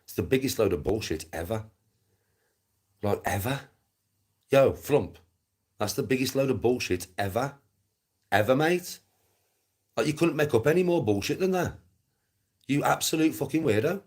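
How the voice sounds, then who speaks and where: A man's voice: mid-range voice, expressive, moderate pace, long pauses, darkish tone, breathy edge. A middle-aged man with a Black Country accent ranting on a livestream, sweary, scornful and repetitive. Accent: Black Country English. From England. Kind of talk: angry livestream rant.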